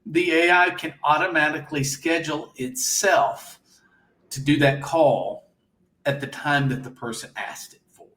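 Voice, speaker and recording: A man's voice: a little high, measured pace, fairly bright tone, roomy sound. A man as an interview guest, talking enthusiastically and telling stories about his business. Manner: enthusiastic, storytelling. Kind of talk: casual interview.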